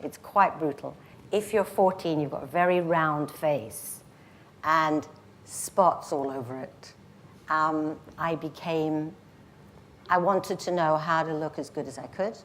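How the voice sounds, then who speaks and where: A woman in her sixties with a Glaswegian accent, chatting as a guest and telling stories in a lively, anecdotal way. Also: deep voice, slow, slight background noise. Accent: Scottish (Glaswegian). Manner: lively anecdotal storyteller who slips into voices. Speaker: guest, singer. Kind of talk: casual chat.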